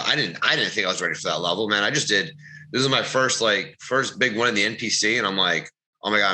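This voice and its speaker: Very bright-voiced man telling stories. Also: fairly low pitch, low-quality recording. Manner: rambling, animated storytelling, swears. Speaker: podcast co-host, bodybuilder. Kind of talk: casual podcast chat, storytelling.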